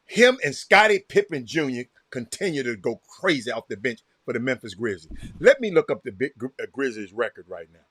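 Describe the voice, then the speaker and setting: A man with a Southern American accent hosting a casual livestream, reacting loudly to a game and calling out viewers by name. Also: mid-range voice, brisk, hardly any pauses, slightly rough. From Texas. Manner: excitable, reacts loudly to a game while chatting; addresses viewers by name, repeats himself. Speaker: livestream host. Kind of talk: casual chat with live viewers.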